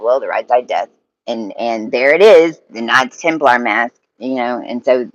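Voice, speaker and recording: Slow, rambling man. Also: mid-range voice, no room sound, rough recording. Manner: emotional, halting, swears freely, many restarts. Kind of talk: rambling personal monologue.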